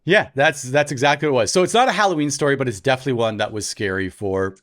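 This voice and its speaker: A man from Canada in his thirties, co-hosting a podcast and telling a story in a casual, animated way, loudly acting out the people he quotes. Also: mid-range voice, very fast. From Ontario, Canada. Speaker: podcast co-host.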